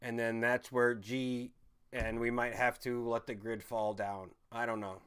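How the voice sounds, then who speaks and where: A man's voice: medium pitch, level tone, unhurried, fairly bright tone, clean tone. Rambling, swearing man on a livestream. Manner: rambling, swears freely, laughs often. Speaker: livestream host reading viewer chat. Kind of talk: casual rambling livestream chat. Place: home in a city.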